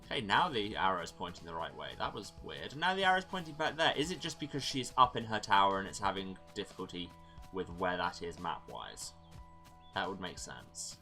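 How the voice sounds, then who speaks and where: A man's voice: deep voice, sing-song, a little fast, sharp tone, faint music behind. A man giving gameplay commentary with wry, self-mocking asides. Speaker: let's play gamer.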